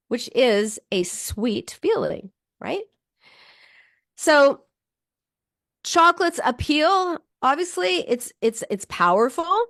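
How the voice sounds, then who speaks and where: A middle-aged woman psychologist talking to viewers in a lively self-help style, acting out inner voices and joking at her own expense. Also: high voice, dry recording, studio quality. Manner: animated, self-deprecating, acts out inner voices. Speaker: psychologist and show host.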